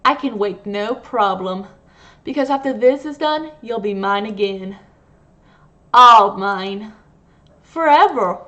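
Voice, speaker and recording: A woman's voice: mid-range voice, unhurried, dull audio, natural voice. A woman voicing an obsessive young female nurse who talks in a sweet, coaxing, possessive way.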